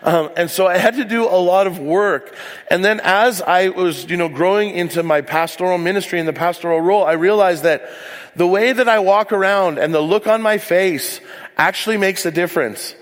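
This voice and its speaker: A pastor delivers a sermon in a church hall, sharing candid, self-deprecating stories with lots of asides. His voice is high and at normal speed, trailing a long reverb.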